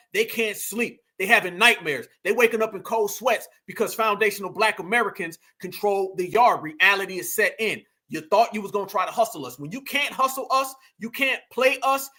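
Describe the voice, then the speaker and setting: A man hosting reaction commentary, animated and mocking, talking straight to his viewers. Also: high-pitched. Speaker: commentary host.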